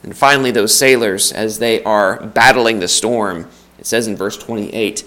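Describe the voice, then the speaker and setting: A man's voice: fairly low pitch, a little slow. A man from the United States preaching a sermon in a conversational way, building emphasis through repetition. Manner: lively, rising for emphasis, repeats phrases; conversational with restarts and light laughs.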